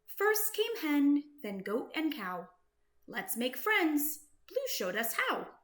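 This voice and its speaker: Woman doing an excited shy woodchuck. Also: sits high, slow, reverberant, pitched above the performer's own voice, heavily acted. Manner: eager, squealing with delight.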